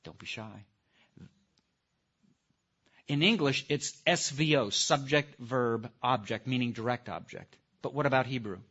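A man teaching a live class in a lively lecture, putting questions to the audience and stressing key words. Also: mid-range voice, unhurried, pauses often. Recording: dull lo-fi recording.

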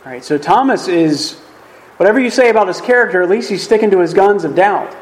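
A man's voice: high-pitched, animated, fast talker, low-quality recording. A man teaching through a Bible passage in a video, emphatic and conversational, often checking in with "right?".

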